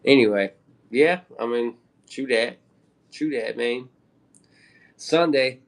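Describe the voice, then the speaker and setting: Midwest dude streaming, rambly and cussing, regular mid voice. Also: male voice, medium pitch, slow, creaky. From American Midwest. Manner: rambling, swears casually, loose slang. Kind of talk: casual live-stream chat.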